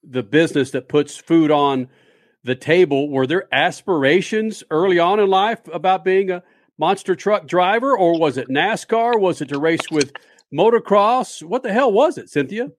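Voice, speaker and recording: A man's voice: high-pitched, normal speed, dry recording. Joking radio host, a man, dry sound. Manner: jokey, playful. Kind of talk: casual interview chat.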